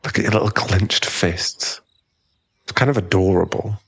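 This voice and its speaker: A man's voice: low-pitched, moderate pace, creaky, fairly bright tone, husky, no room sound, exaggerated voice. Man playing a smug, taunting cocky guy. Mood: smug mocking. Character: cocky young man, smug tormenting rival. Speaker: ASMR roleplay performer. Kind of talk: ASMR boyfriend role-play.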